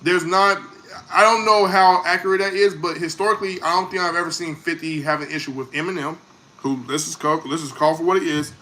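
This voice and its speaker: A man hosting a casual music reaction, talking in an animated way, repeating words and trailing off into fillers. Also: a little high, slight background noise.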